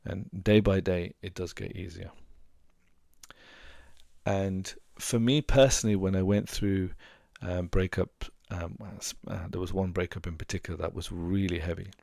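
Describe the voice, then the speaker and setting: Low gravelly man giving relationship advice. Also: fairly even intonation, moderate pace, a little mellow, no room sound, studio quality. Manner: earnest, repeats words for emphasis, many restarts. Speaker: relationship coach and hypnotherapist. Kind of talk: advice talk to camera.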